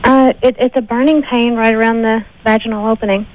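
A woman's voice: fairly high pitch, steady tone, brisk, dull audio. A woman in her twenties calling a radio advice show, asking a question hesitantly. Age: 20s. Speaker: caller.

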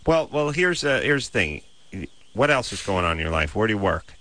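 Man hosting call-in radio, bright and fairly low, a wisecracking riffer who grills callers. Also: big pitch swings. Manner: joking, riffing, quick questions to the caller. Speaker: radio show host. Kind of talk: casual call-in radio banter.

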